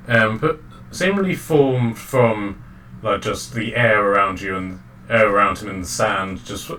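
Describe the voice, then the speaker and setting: A man's voice: on the low side, a bit bright. A man narrating a tabletop game as dungeon master, rambling with many ums and restarts. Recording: distant mic with faint noise.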